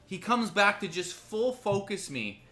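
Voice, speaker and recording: Angry streamer guy cussing out other players, goes from loud outbursts to muttering, bright voice. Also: high voice, sing-song, unhurried, a little hiss or hum. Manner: angry, ranting, heavy swearing. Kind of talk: live gaming commentary.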